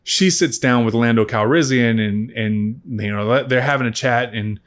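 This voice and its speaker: A man giving a casual spoken movie review, rambling and swearing freely with animated asides. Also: medium pitch, moderate pace.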